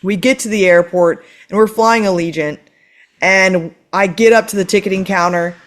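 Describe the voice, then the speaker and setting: A woman on a podcast telling a story in casual chat, animated and exasperated, swearing often. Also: mid-range voice, moderate pace. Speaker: podcast co-host.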